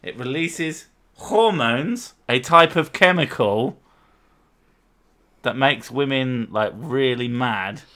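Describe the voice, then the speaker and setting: A man's voice: medium pitch, animated, slow pace, bright, forceful tone. A man hosting casual chat at home with his wife, bantering and arguing with lots of swearing. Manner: profane, argumentative banter. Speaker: channel host.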